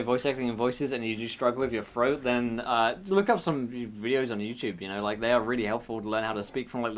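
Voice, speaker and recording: A man with a mid-range voice gives relaxed, enthusiastic advice in a casual discussion. He talks in an easy, conversational way. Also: medium pitch, slight background noise.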